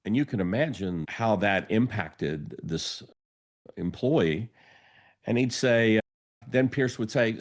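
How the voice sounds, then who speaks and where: Low-voiced man telling a story. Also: expressive, slow pace. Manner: anecdotal, acts out quoted dialogue. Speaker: podcast host. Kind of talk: storytelling monologue.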